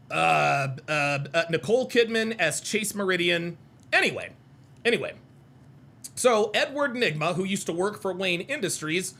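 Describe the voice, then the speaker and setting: A man hosting a reaction video, talking in an animated, mocking and profane way and repeating himself for emphasis. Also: high-pitched, gravelly. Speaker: host reacting to clips. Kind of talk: reaction commentary.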